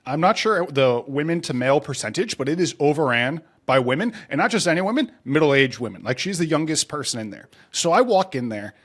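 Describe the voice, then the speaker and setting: A man guesting on a casual podcast, spinning a self-mocking anecdote. His voice sits a little high and swoops around a lot as he acts out what people said. The delivery is loose and conversational. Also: brisk, hardly any pauses. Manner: animated, self-mocking storyteller who acts out quotes. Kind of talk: casual storytelling.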